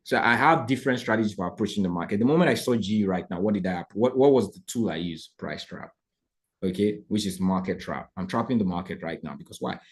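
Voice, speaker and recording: Animated man teaching a live trading lesson. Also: lowish voice, fast talker. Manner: animated, repeatedly checks in with the audience.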